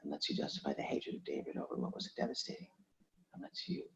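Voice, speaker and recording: A man rehearsing script lines aloud, repeating each line in a gentle counseling tone. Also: fast. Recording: dull lo-fi recording, faint background noise.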